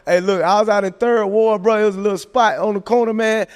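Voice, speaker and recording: A man talking sports casually on a podcast, animated and joking, tossing in "man" and "hey, look" constantly. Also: high-pitched, fast, clean tone. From American South. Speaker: podcast host. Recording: long hall reverb.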